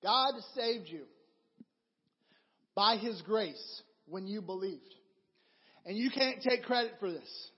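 High-voiced man preaching in a reverberant hall. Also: takes it slowly, pauses often, husky. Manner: animated storytelling with repeated phrases. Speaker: pastor. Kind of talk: sermon. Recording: dull recording in a reverberant hall.

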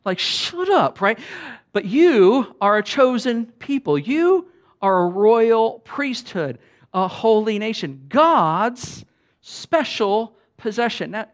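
A man preaching a sermon, passionate and conversational, swinging between soft, intimate lines and loud, emphatic bursts. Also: a little high. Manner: conversational with fillers and repeats. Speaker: pastor.

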